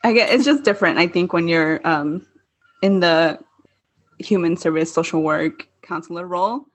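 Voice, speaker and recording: A woman's voice: on the low side, moderate pace. A young woman co-hosting a podcast, chatting casually about a TV show, laughing often and acting out quotes. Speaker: podcast co-host. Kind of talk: casual chat recapping a TV show.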